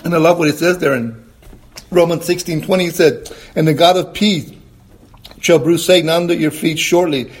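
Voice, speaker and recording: A man preaching a sermon, emphatic and questioning his listeners, reading scripture in a slower, lower tone and often clearing his throat. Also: darkish tone. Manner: emphatic, rising to high exclamations, asks the congregation questions.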